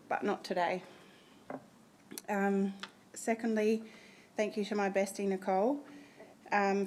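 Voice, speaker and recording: A young woman giving an emotional, halting award acceptance speech, audibly breathless. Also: medium pitch, a little mellow, slight background noise. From Australia. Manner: halting, with many ums. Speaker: award recipient.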